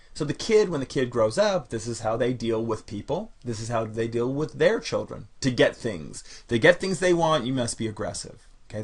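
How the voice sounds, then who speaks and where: A man lecturing a university psychology class in a loose, conversational way, often restarting and repeating phrases. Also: medium pitch.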